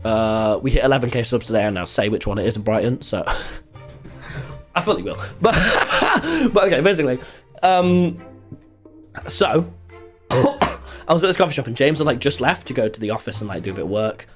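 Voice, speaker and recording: A young man telling a rambling, excitable story in a casual stream chat, full of fillers and sudden yelps. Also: medium pitch, normal speed, long pauses, faint music behind. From England.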